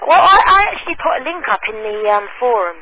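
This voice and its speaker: A woman calling into a radio show, chatting casually in a halting, hesitant way with frequent ums and restarts. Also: on the high side, sing-song. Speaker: caller. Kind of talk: casual phone chat. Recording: tinny phone line with clear hiss.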